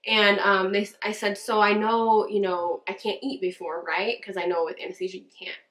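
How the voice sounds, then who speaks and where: A young woman tells a story to her camera in a casual, rambling way. She fills her talk with fillers and restarts, and her voice sits at an ordinary middle pitch. The room around her gives her voice a noticeable echo. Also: steady tone, normal speed, a bit bright. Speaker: vlogger and church worship leader. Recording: roomy echo.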